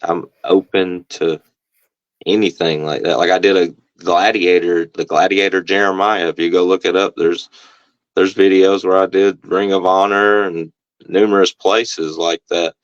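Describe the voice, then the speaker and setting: A man, a professional wrestler, talking casually in an interview and telling stories in a relaxed way, acting out other people's voices. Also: low-pitched, a little slow, no room sound, dull audio. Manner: relaxed storyteller, acts out the other voices in quotes.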